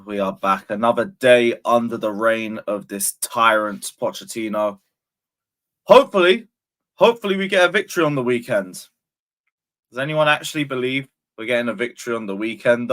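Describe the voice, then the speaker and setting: Exasperated football fan host, bright voice. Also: male voice, medium pitch, lively intonation, brisk. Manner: exasperated, sarcastic, swears often. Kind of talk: casual fan vlog rant.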